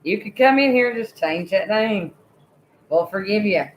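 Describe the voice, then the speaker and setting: A woman's voice: mid-range voice, expressive, normal speed, echoey room, rough recording. Laid-back woman live-streaming. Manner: loose, laughing, swears casually, talks to pets. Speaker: livestream host. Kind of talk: casual live stream chat.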